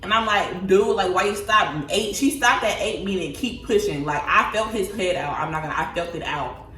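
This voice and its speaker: A woman's voice: on the low side, normal speed. Chatty young woman telling a story. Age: 20s. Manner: chatty, animated, talks to viewers as y'all. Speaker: vlogger. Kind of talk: casual storytime. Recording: echoey room, voice a bit far from mic, faint music.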